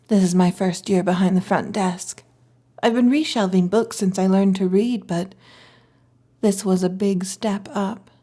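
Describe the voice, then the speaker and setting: A young female fox spirit who guards her library, chatty and teasing, drifting into soft whispers, as a woman acts her out in a whispered role-play. Her voice is breathy and mellow rather than bright. She sounds protective and a little flustered, like a storybook kitsune keeper of books. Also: mid-range voice, lightly acted. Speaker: ASMR roleplay performer.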